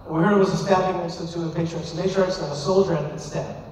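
A man's voice: on the high side, steady tone, racing, a little mellow, a little hiss or hum. A man, a rabbi, telling an emphatic, impassioned story to a live audience. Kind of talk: storytelling speech. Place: large hall. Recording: echoey hall from far off.

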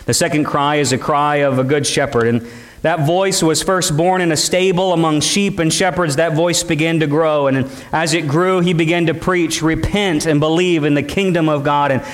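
A man delivers a sermon from the pulpit in a notably high-pitched voice. He builds his points through impassioned, repeated rhetorical questions, each one pressing the listener. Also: fairly even intonation, moderate pace. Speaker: preacher.

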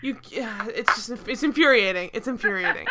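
A young woman co-hosting a podcast, recapping a TV episode in casual chat, animated and exasperated, laughing often with lots of fillers. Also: a little high, moderate pace, background noise. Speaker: podcast co-host.

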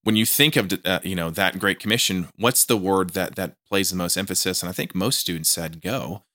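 A man with a low voice hosts a podcast in a small studio, speaking fairly quickly in a pushed, bright way with no room sound. Interviewing a guest in casual chat, he's enthusiastic, repeatedly restarting and stammering over words.

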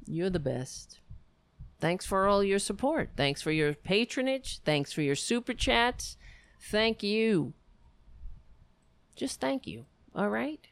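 Her sign-off chat comes in a medium-pitched, sing-song voice, slow and full of pauses. The livestream host rambles and vents affectionately to the viewers watching. It's recorded dry.

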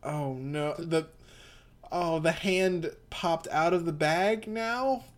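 A man's voice: a little high, slow pace. A man reading through a comic aloud in casual, bemused chat. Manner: bemused, rambling.

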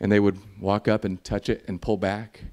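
A man preaching a sermon in a church, animated and jokey, acting out voices as he talks. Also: lowish voice, normal speed. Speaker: pastor.

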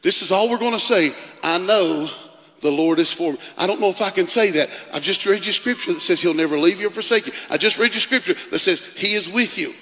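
A male pastor preaching a sermon in a church, swinging from loud declarations to hushed tones. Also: high-pitched, brisk. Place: church sanctuary. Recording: long reverb of a large hall.

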